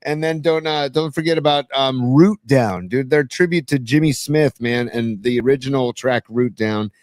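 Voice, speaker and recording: A man's voice: medium pitch, moderate pace, a little mellow, no echo. A middle-aged man co-hosting a casual sports and music podcast, enthusiastic and loose, often calling people dude. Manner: enthusiastic, says dude a lot. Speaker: podcast co-host.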